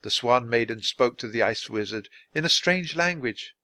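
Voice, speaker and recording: A man reads a children's chapter book aloud at a slow, deliberate pace for learners. His voice sits in a middle pitch. The recording is dry and close. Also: lively intonation, bright, forceful tone, dry recording. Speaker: storybook reader.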